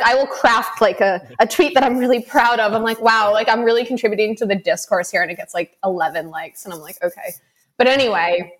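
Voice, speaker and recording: A woman's voice: medium pitch, fairly bright tone. A woman chatting casually on a podcast, rambling with frequent fillers and laughs. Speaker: podcast co-host. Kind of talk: casual chat.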